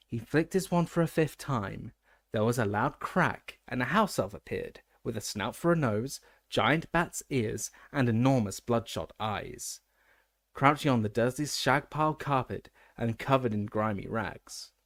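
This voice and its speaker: A man's voice: medium pitch, lively intonation, measured pace, fairly bright tone, no room sound. A man narrating an audiobook, recorded dry and close with no room sound. He reads steadily, with occasional stumbles that he corrects. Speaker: audiobook reader.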